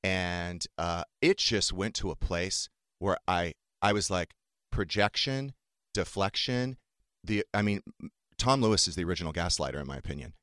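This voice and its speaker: A man's voice: sits low, brisk, a bit bright, dry recording, studio quality. A middle-aged man in casual chat, telling a personal story with feeling and acting out the dialogue. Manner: emotional, acts out quoted dialogue.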